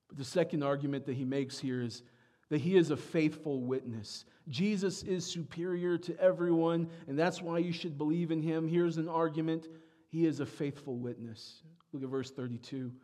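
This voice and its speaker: A pastor preaching a sermon, moving from quiet reflection to loud, emphatic peaks. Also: male voice, medium pitch, measured pace.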